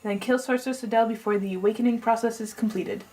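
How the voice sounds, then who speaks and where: Talking fast, a woman with a slightly high, mellow voice and fairly even intonation reads aloud with a light touch of acting on a rough recording. She's reading a game's long exposition from a pompous, eccentric male scientist laying out his plan, lecturing as she goes, her put-on accent coming and going.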